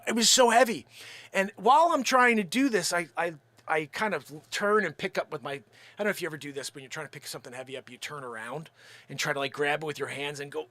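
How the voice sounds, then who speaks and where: A man's voice: fairly high pitch, fairly bright tone, no room sound. A man hosting his own live stream, telling a story casually and acting out the quotes in it. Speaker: livestream host and drum builder.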